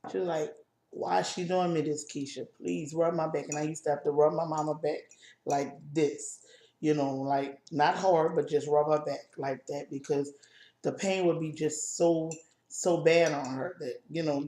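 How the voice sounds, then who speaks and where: A woman co-hosting a casual chat video, telling a personal family story in a halting, emotional way with many restarts. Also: low voice, steady tone, mellow, reverberant, a little hiss or hum. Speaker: co-host.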